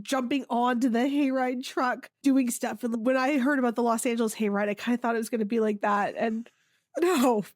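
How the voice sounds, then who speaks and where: Higher-voiced woman co-host from Maine. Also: dry recording, clean studio sound. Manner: animated, lots of "like" fillers, laughs. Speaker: podcast co-host. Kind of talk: casual storytelling.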